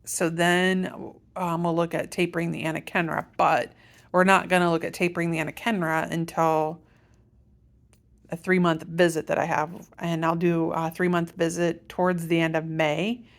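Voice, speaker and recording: A middle-aged woman with a low, gravelly voice gives a casual vlog update. She rambles and corrects herself as she walks through her medication plan. She talks like she is chatting to a friend. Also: little pitch movement, moderate pace. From Iowa, USA. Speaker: patient sharing a health update.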